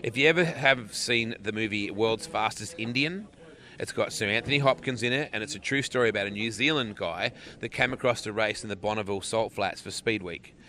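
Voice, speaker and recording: A man's voice: fairly low pitch, brisk, bright, forceful tone. A man in his forties with an Australian accent, a race announcer chatting easily and laughing often in an interview. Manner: laughs often, easygoing and jokey. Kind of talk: casual interview chat.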